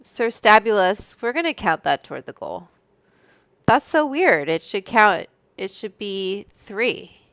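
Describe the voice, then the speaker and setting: A woman's voice: mid-range voice, sing-song, measured pace, fairly bright tone, no echo. A woman hosting a casual livestream from home, chatting in a rambling way, reading out viewer names and swearing freely into a studio microphone. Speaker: livestream host. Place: room at home.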